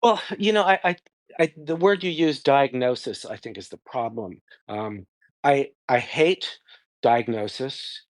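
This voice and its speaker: A man, a psychotherapist guest in an interview, explaining his views in a lively conversational way and acting out quoted dialogue. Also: medium pitch, a little slow, no room sound. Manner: animated storyteller, acts out quoted dialogue.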